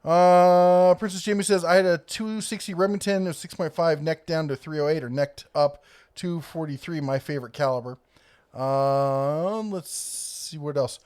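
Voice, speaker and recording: A congested man hosting a live tool show, casually reading viewer comments and giving relaxed advice. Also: on the high side, moderate pace, clean tone. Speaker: YouTube tool channel host. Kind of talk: casual live-stream chat.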